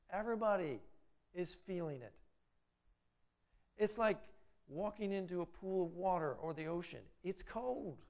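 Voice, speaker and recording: This gravelly-voiced, middle-aged pastor booms through the exhortations in his sermon. Then, voicing the doubts he holds inside, he goes quiet and low.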